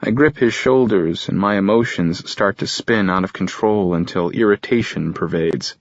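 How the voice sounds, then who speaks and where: A man's voice: deep voice, normal speed, no echo, dull audio. A man narrating a first-person audiobook in a brooding, introspective way.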